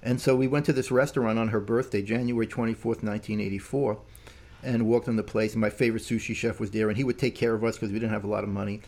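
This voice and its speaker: A man's voice: on the low side, fairly even intonation, fast talker, darkish tone. An older man, a musician, telling stories in casual talk, rambling and full of "man" and "you know". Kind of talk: casual storytelling.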